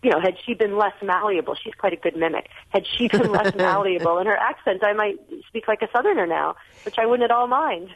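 A woman's voice: mid-range voice, a little fast. An American woman in her forties chats as a radio guest author, restarting her sentences as she goes. She comes through a tinny, phone-like line. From United States. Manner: chatty, frequent restarts. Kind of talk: radio call-in conversation.

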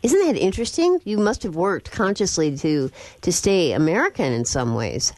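Lively-voiced female radio host. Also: on the low side, normal speed, no echo. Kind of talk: hosting a radio call-in show.

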